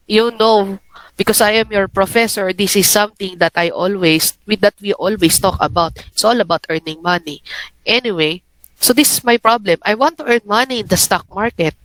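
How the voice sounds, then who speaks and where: A Filipino-accented young woman gives a university lecture, pausing often to ask her students "okay?". Her voice sits at a middle pitch. The recording is close and dry, with no room sound. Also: a bit bright, no echo, rough recording. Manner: frequent checking "okay?" with students. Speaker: university professor. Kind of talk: lecture mixing English and Filipino.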